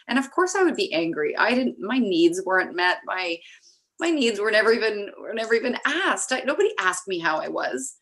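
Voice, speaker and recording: A Canadian woman speaking as a guest in a candid personal conversation, reflective and halting, with many restarts. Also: fairly high pitch, very animated, vocal fry, a bit bright. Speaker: guest, recovery advocate.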